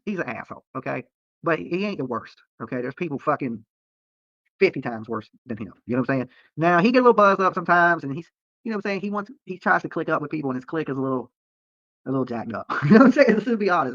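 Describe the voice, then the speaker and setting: A man with a fairly high, creaky, slightly bright voice rants to his viewers on a live stream from a roadside near a protest. He swears, rambles, gets defensive and keeps adding "okay?". The audio has no echo but sounds muffled.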